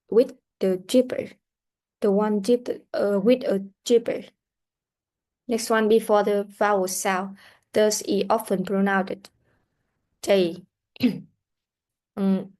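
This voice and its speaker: In her pronunciation class, this English teacher takes a slow, deliberate approach, demonstrating sounds carefully for students to echo back. Her pitch is in the middle range, and she sounds a little mellow.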